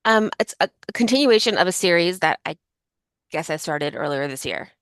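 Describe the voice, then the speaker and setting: Chatty low-voiced woman podcast co-host. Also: animated, fairly quick, fairly bright tone, smooth, no room sound. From Chicago. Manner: chatty, rambling with many fillers. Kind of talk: casual chat.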